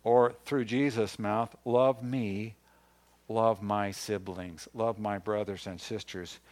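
A man's voice: lowish voice, steady tone, takes it slowly, darkish tone. A man, a pastor, preaching a sermon and reading scripture aloud, rising in force on key points.

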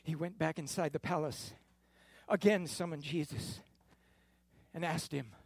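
A man narrating a dramatic scripture reading in a deliberate, expressive storytelling manner. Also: on the high side, vocal fry, no echo. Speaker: scripture reader.

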